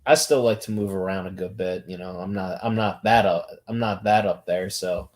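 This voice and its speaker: A man co-hosting a casual sports podcast, talking in a calm, easygoing way. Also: sits low, normal speed. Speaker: podcast co-host.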